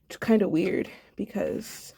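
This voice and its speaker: A woman's voice: mid-range voice, slow pace, creaky, warm tone, husky, dry recording. A sad, subdued young woman in a personal video diary, talking reflectively and rambling with many fillers. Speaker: vlogger.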